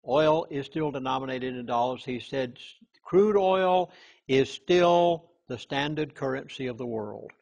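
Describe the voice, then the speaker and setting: A man speaking as a chaplain in an interview, talking earnestly and stressing key words hard, with halting restarts. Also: medium pitch, creaky, a little mellow.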